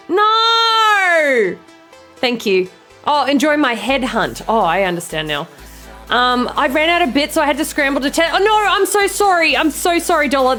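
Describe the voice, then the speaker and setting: Lively, chatty woman streamer. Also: sits high. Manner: chatty, giggly, swears freely, apologetic asides to chat. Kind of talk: casual live-stream chat while gaming.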